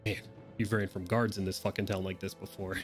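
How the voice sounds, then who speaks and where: Low-voiced casual dungeon master. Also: male voice, little pitch movement, brisk, faint music behind. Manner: casual, rambling, swearing. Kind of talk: narrating a tabletop game.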